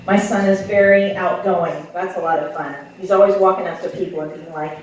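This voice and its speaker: A woman's voice: lowish voice, fairly even intonation, brisk, hardly any pauses, a little hiss or hum. A woman in her thirties doing a stand-up comedy set, telling wry, self-deprecating stories and slipping into playful voices for quotes. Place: club stage before a live audience. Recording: echoey room recording, slightly distant.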